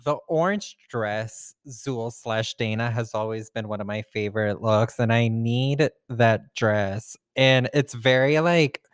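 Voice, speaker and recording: A young man speaking softly and enthusiastically in a casual film discussion. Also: medium pitch, takes it slowly, hardly any pauses, clean tone, no echo, studio quality. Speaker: podcast co-host.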